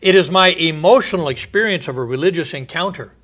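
The sermon comes from a man who raises his volume while stretching important phrases emphatically, then lowers to a quiet, deep voice as he ends each idea. Little chuckles come between points.

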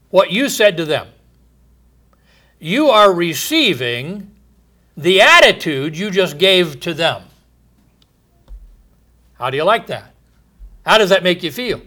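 Man, preacher, sermon, bright tone, slightly high voice, rhetorical questions. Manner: earnest, teaching, rhetorical questions, emphatic pauses.

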